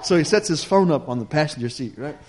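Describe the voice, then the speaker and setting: Folksy preacher, fairly high voice. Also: male voice, animated, quick pace, a little mellow. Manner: folksy, chatty, addresses the congregation directly. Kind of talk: storytelling sermon.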